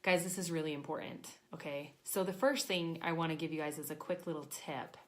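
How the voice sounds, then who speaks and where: A woman in her thirties, an intuition coach, telling a personal story in a chatty, animated way and acting out her own thoughts. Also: low voice, brisk. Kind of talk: casual storytelling to camera.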